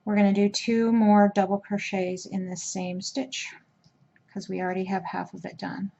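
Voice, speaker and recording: A woman in a relaxed crochet tutorial explains each step as she works, often pausing with fillers and restarting her sentences. Her voice sits at an ordinary middle pitch. The sound is a bit dull and lo-fi, like a simple home camera recording. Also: creaky. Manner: chatty, hesitant with fillers and restarts. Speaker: crochet instructor.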